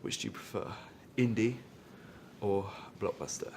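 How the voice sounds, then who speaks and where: A man's voice: lowish voice, moderate pace, creaky, a little mellow, a little hiss or hum. A man hosting an interview in a bar, asking questions in a jokey, playful way. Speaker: interviewer host. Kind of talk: casual interview chat.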